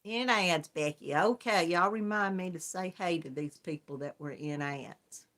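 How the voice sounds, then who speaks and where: Slow-talking woman, bright and lively. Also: lowish voice. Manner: chatty and homey, calls viewers hon. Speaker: crochet livestream host. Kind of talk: casual livestream chat greeting viewers.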